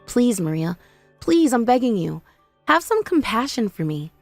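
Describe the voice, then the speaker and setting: A woman's voice: a little high, sing-song, moderate pace, dry recording, soft background music. A woman voicing a desperate, remorseful young wife who begs for forgiveness in a scripted drama. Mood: pleading. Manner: pleading, apologetic.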